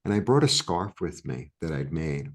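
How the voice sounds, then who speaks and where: A man from New York, a guest in an interview, telling a story in a rambling, animated way with many restarts and fillers. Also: rumbling low, moderate pace. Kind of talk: casual storytelling chat.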